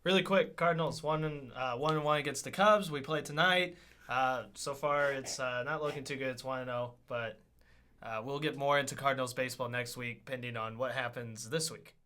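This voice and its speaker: A man giving a quick, hesitant sports update as a podcast guest, sounding off-mic. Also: medium pitch, fairly even intonation. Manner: quiet, hesitant, many fillers.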